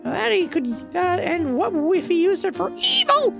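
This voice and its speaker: A woman's voice: very high-pitched, huge pitch swings, moderate pace, gravelly, over music, exaggerated voice. A woman voicing a bossy, teasing schoolgirl best friend in a casual fan dub of a dating game, in a mocking, dramatic manner.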